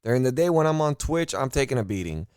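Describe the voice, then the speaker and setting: A man's voice: medium pitch, sing-song, fast, darkish tone, clear, resonant tone, dry recording, studio quality. A man from Miami hosting a casual political podcast, talking in a blunt, unfiltered and profane way. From Miami, United States. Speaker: podcast host.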